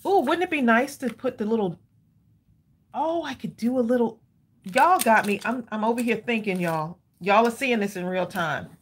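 A woman's voice: fairly high pitch, expressive, moderate pace, slight background noise. Chatty woman hosting a craft stream. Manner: chatty, laughing, addresses viewers as y'all. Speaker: craft channel host. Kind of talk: live-stream craft chat.

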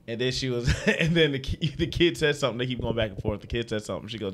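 Animated laughing male podcast co-host. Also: medium pitch, fast talker. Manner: animated storyteller, laughs often. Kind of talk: casual podcast chat.

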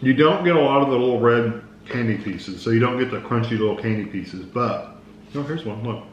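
Man, taste-test co-host, calm, descriptive, faint background hiss. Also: medium pitch, brisk, dull audio. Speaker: co-host of food review channel. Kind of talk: casual taste-test chat. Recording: roomy with faint noise.

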